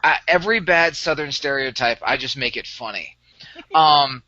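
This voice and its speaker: A man's voice: medium pitch, moderate pace, sharp tone, no echo, muffled recording. A young man on a podcast, chatting casually and rambling through a gaming story with many fillers. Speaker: podcast co-host. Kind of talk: casual chat about tabletop games.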